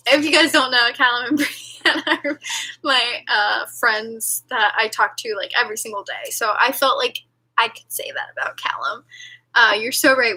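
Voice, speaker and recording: A woman's voice: a little high, normal speed, pushed and bright, breathy edge, rough recording. A young woman hosting a live stream, chatting casually and rambling with lots of fillers and giggles. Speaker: livestream host. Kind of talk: casual livestream chat with viewers.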